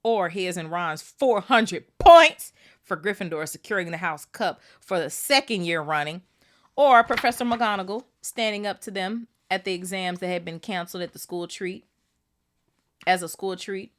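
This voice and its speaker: A woman hosting a book club podcast, reading a novel aloud with animated, swearing asides. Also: on the low side, moderate pace. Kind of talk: casual read-aloud with commentary.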